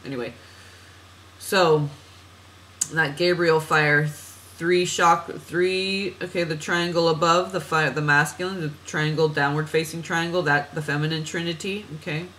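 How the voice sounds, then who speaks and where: A woman's voice: deep voice, steady tone, unhurried, a bit bright, slight background noise, rough recording. A woman reading oracle cards for a client in a chatty, meandering way, laughing at herself and drifting off on tangents. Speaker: oracle card reader. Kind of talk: spiritual card reading monologue.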